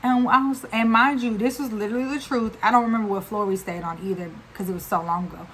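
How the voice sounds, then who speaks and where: A woman's voice: a little high, steady tone, fast talker, a little hiss or hum, low-quality recording. A woman telling a storytime on her vlog, chatty and slangy, running on with fillers. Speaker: vlogger. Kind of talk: casual storytime.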